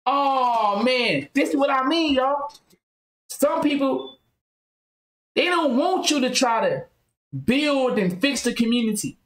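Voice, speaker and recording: A man's voice: very high-pitched, lively intonation, takes it slowly, a bit bright, roomy sound, low-quality recording. A man hosting a casual podcast, talking in an emphatic, riled-up way. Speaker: podcast host.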